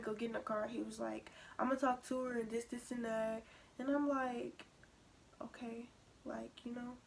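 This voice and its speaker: A young woman vlogger telling a personal story in a casual, animated way, acting out what others said. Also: on the high side. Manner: animated retelling, acting out quoted lines.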